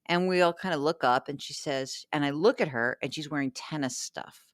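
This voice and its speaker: A woman hosting a radio show about money, telling a story and reading listener mail in a chatty, animated way. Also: low voice, normal speed, dry recording, studio quality. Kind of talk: casual radio talk.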